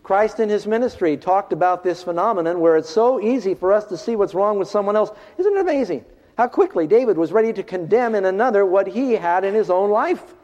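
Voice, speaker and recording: A man delivers a sermon in a fairly high voice, rising to loud, emphatic lines and then dropping almost to a hush. The sound is dull and carries a long hall reverb, as in a church. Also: expressive, fairly quick. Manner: preaching with big swings from raised outbursts to hushed lines. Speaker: pastor.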